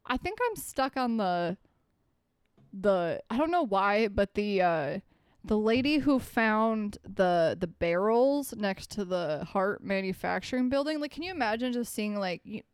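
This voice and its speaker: A woman's voice: medium pitch, lively intonation, unhurried, clear, resonant tone, dry recording, studio quality. A young woman co-hosting a casual true-crime podcast, joking and swearing freely between laughs. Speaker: podcast co-host.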